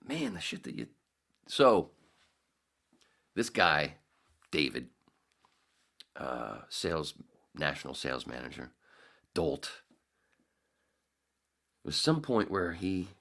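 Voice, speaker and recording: A middle-aged podcast host with a bass voice tells a rambling anecdote in a casual storytelling style, correcting himself as he goes. He's very animated yet slow, with a creaky, fairly bright tone and frequent pauses.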